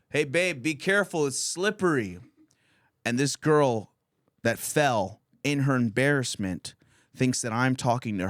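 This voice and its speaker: A man in his thirties rambles through a crude comic story, swearing freely and breaking into laughter mid-sentence. His voice sits at an ordinary middle pitch, recorded dry and close on a podcast mic. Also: no echo. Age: 30s. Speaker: podcast host.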